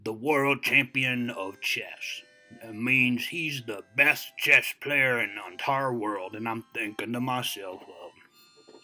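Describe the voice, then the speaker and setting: A man puts on an exaggerated, sharp-toned voice at medium pitch, speaking slowly as a very old, boastful American yarn-spinner past 60. It's a comedic monologue full of rambling digressions and folksy "you know" fillers.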